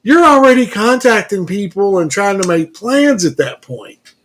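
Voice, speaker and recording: A man co-hosting a casual podcast, reacting with animated exclamations. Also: high-pitched, moderate pace. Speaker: podcast co-host. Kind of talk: casual chat.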